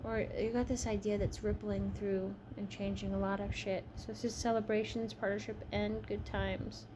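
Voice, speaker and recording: A woman's voice: medium pitch, little pitch movement, moderate pace, noisy background. A woman giving a casual tarot reading, chatty and frank, tired from a long shift. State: tired, yawning. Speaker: tarot reader.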